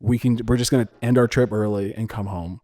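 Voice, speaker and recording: A man's voice: fairly low pitch, steady tone, brisk, dark tone. A young man from San Diego, a DJ guest in a casual interview, telling a story animatedly with many fillers, restarts and laughs. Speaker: guest DJ and producer.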